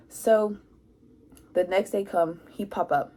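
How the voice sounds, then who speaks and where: A young woman telling a casual storytime about her school days, animated and acting out what people said. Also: medium pitch, takes it slowly, long pauses. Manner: animated, acts out quotes with lots of "like". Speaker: vlogger.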